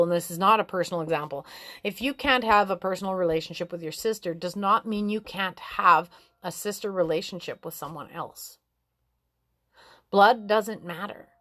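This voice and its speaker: A woman shares life advice in a casual, rambling chat, frank and unguarded, with plenty of swearing. Her middling voice leaps up high whenever she gets animated. The recording is dry and close, with no room sound. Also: no echo. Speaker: vlogger giving life advice.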